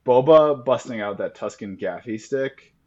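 A man co-hosting a casual podcast chat, talking with animated excitement and frequent swearing. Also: medium pitch, normal speed, highs cut off. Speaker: podcast co-host.

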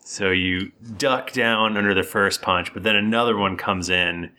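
A man's voice: lowish voice, fairly even intonation, a little slow, bright, forceful tone. A man running a tabletop game as game master, narrating the action in a playful, teasing way.

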